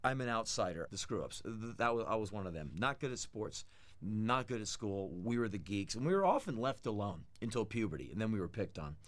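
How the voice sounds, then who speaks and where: A man in his thirties from the United States, telling blunt, animated stories about his childhood in an interview. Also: lowish voice, a little fast. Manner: blunt, animated anecdotes, acts out quoted voices. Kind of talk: candid storytelling interview.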